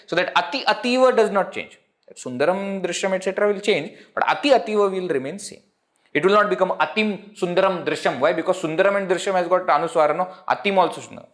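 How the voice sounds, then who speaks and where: A man's voice: a little high, fairly bright tone. A man with an Indian English accent teaching a Sanskrit lesson, saying each word, repeating it, then glossing it in English, with frequent chuckles. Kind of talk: live online language lesson.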